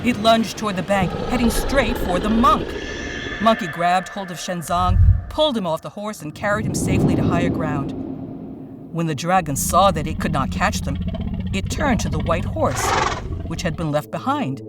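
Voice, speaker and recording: A storyteller giving a dramatic, expressive storybook narration. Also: mid-range voice, moderate pace, very noisy. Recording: distant voice over loud music.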